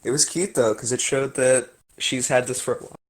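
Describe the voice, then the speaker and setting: A man's voice: mid-range voice, fairly even intonation, brisk. Sarcastic young man on a podcast. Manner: sarcastic, teasing. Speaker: podcast co-host. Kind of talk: casual chat.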